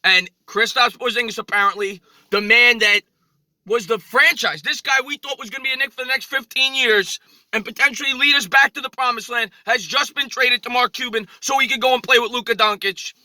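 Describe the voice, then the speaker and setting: A man's voice: very high-pitched, steady tone, brisk, pushed and bright, dry recording, low-quality recording. A man in his thirties ranting off the cuff into his phone outdoors, agitated and indignant, repeating himself as a sports vlogger. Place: outdoors in a cold city street.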